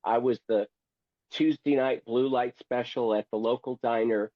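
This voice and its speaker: A man's voice: medium pitch, fairly even intonation, normal speed, dry recording, lo-fi sound. A man who is a guest and memoir author, telling a story theatrically and with humor, acting out other people's voices. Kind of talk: storytelling, reading from his memoir.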